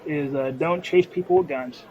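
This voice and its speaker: A man's voice: fairly high pitch, normal speed, narrow, tinny audio. A man co-hosting a casual podcast, joking and filling gaps with "uh" and "um". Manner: joking, filler-heavy. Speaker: podcast co-host. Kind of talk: casual chat.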